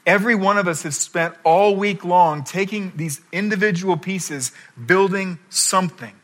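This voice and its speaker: A middle-aged man preaching a sermon as pastor, telling the story in a lively way and acting out the people he quotes. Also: high voice, normal speed. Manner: animated storytelling, acts out quoted voices.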